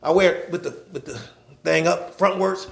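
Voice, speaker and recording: Very high-pitched fervent male preacher. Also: gravelly. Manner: fervent, calls out to the congregation, drawn-out scripture reading; conversational asides with chuckles. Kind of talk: sermon.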